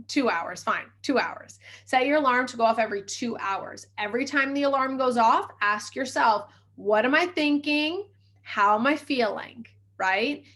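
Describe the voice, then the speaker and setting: A woman hosts a self-help podcast as a mindset coach. She talks quickly in an upbeat, encouraging way, walking listeners through steps. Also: medium pitch, a bit bright.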